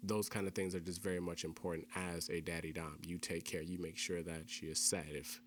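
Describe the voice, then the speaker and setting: A very deep-voiced young man hosts a casual podcast chat and explains his views earnestly and at length. He often repeats key phrases for emphasis. A faint hum sits under the recording. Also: flat delivery, brisk. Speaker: podcast host.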